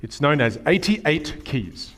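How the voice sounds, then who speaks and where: A man's voice: a little high, sing-song, takes it slowly, fairly bright tone. A man coaching a live workshop audience from a theater stage, speaking emphatically and repeating key phrases.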